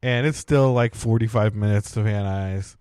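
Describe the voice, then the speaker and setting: A man's voice: fairly low pitch, normal speed, darkish tone, smooth, no echo, clean studio sound. A man, co-hosting a podcast and telling a long casual story packed with fillers. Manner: rambling, many "like" and "right?" fillers. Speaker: podcast co-host.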